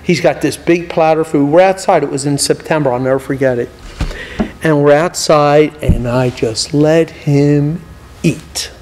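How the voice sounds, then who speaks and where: Male evangelist, higher-pitched, lively preacher who voices both sides of his stories, recorded in a reverberant hall. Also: measured pace, noisy background. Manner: animated, acts out both sides of conversations. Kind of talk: sermon storytelling. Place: church hall. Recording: long church hall reverb.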